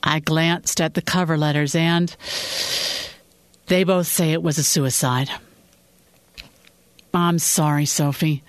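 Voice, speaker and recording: A woman voicing a sympathetic office colleague leaving a gentle, hesitant voicemail. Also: deep voice, fairly even intonation, slow, long pauses, no echo. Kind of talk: audiobook-style fiction reading.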